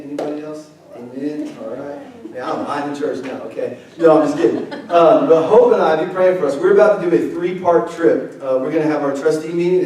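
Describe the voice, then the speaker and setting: Guy preaching, kinda high mellow voice, joking around with the crowd, echoey church heard from far off. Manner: casual, joking, talks with the congregation. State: weak from illness. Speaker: pastor. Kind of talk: sermon. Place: church sanctuary. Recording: echoey sanctuary, mic from far off.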